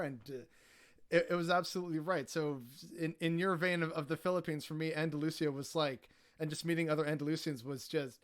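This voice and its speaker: A man's voice: fairly high pitch, moderate pace, fairly bright tone. A man telling travel stories as a podcast guest, rambling casually and filling his talk with "like" and "you know". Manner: rambling, heavy on filler words like "like" and "you know".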